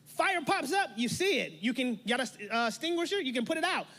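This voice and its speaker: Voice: high-pitched, sing-song, a little fast, pushed and bright. A pastor giving a sermon in a church, emphatic and playful, with a lot of repetition.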